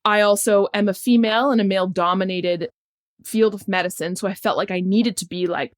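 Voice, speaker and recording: Middle-aged woman doctor, relaxed podcast guest, thoughtful and lively when telling stories. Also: medium pitch, brisk. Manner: reflective, animated storytelling with laughs. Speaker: podcast guest, sports medicine physician. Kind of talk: casual conversation.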